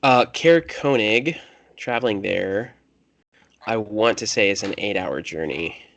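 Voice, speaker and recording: Low-voiced man running the game. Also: expressive, unhurried, vocal fry, a bit bright, highs cut off. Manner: casual, self-correcting. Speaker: game master.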